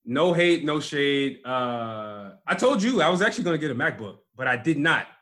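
A man co-hosting a podcast in casual chat, with relaxed, teasing banter. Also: fairly high pitch, normal speed. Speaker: podcast co-host.

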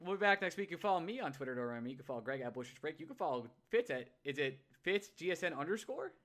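A man in his thirties hosts a podcast in a loose, casual chat. He jokes and laughs easily, his slightly high voice swinging up and down with a lot of life. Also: expressive, rapid-fire, a bit bright. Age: 30s. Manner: laughs often, joking. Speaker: podcast host.

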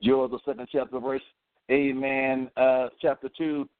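A man of medium pitch speaks in a level tone at a measured pace, delivering a fervent radio sermon that urges listeners to pray, dotted with "amen" and "praise the Lord." The recording is dry but tinny, like radio heard over a phone.

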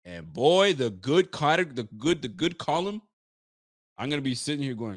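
A young man hosts a live fan podcast and vents about a loss in a blunt, profane and exasperated way. His voice sits at an ordinary middle pitch and is recorded close on the mic with a dry, dead sound. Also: lively intonation, a little fast, no room sound. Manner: frustrated, blunt, swears freely, reads viewer comments. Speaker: podcast host.

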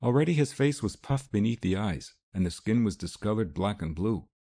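A man narrating a classic novel as an audiobook in a steady, measured storytelling voice. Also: fairly low pitch. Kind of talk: scripted narration.

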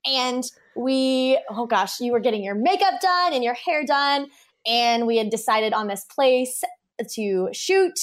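Young woman, fairly high voice, bubbly, laughing often, casual storytelling, podcast guest. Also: lively intonation, a little slow. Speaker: podcast guest, wedding photographer.

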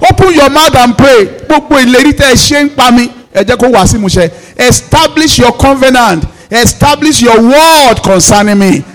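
Man, pastor, Nigerian Yoruba accent, very high voice, fervent prayer sermon, repeated commands. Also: moderate pace, hardly any pauses. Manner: declaring prayers in repeated commands, now and then shouting; switches between English and Yoruba.

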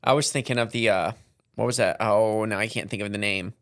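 A man's voice: lowish voice, fairly even intonation, brisk, a bit bright. A man co-hosting a casual podcast, easygoing and often trailing off while he searches for words. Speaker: podcast co-host.

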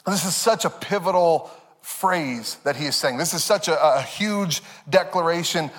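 A man's voice: on the high side, moderate pace. A man in his thirties, a pastor preaching a sermon, telling family stories with frequent laughs and fillers. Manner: animated, laughing through stories, many fillers. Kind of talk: sermon with personal storytelling. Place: church sanctuary. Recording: long reverb of a church hall.

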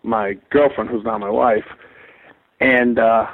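A comedian calling in as a guest, telling animated, profane anecdotes and acting out the dialogue of others. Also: male voice, lowish voice, slow. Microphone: phone. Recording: tinny phone line.

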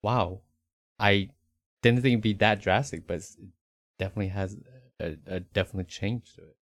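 A man co-hosting a podcast in casual chat, curious and eager with his questions, quick to react with surprise. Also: lowish voice, dry recording. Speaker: podcast co-host.

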